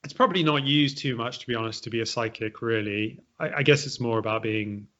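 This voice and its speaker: British man, podcast host, medium pitch, hedging explainer, quizzing style, muffled lo-fi sound. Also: a little fast, a bit bright. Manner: thoughtful, hedging, poses quiz questions. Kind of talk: casual explanatory chat. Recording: dull lo-fi audio.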